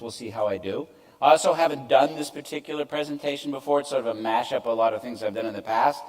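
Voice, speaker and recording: A man's voice: mid-range voice, rough recording. Older man giving a chatty conference talk. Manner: conversational, self-deprecating asides. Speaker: keynote speaker. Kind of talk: conference presentation. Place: event stage before an audience.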